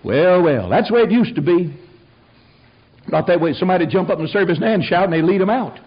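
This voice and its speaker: An older man preaching a sermon in a fiery, folksy way, rising to shouted peaks. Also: high voice, lively intonation, quick pace, breathy edge, dull audio. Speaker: pastor.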